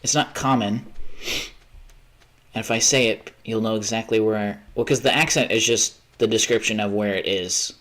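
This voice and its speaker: A man's voice: lowish voice, moderate pace, a bit bright. Young man, livestreamer, casual gaming chat, rambling, swears a lot, tired. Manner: rambling, chatty, swears often, trails off.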